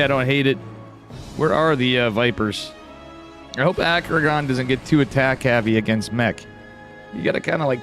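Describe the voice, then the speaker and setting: A male game caster with an upstate New York accent, talking at a middle pitch in a loose, casual way. He swears freely and jumps into sudden excited outbursts during the play, with faint music behind him. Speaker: esports caster. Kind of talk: live game commentary.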